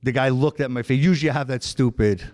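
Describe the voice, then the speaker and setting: A man's voice: medium pitch, fast talker, darkish tone. A man with a New York accent telling rambling, profane stories as a podcast host, tossing in "right?" and "bro" constantly. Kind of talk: casual chat. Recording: long hall reverb.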